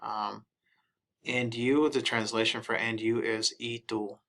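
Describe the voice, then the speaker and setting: Slow, bright-voiced man teaching phrases. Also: mid-range voice, level tone. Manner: reads each English phrase, then repeats the Spanish slowly. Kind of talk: casual lesson, reading phrases aloud.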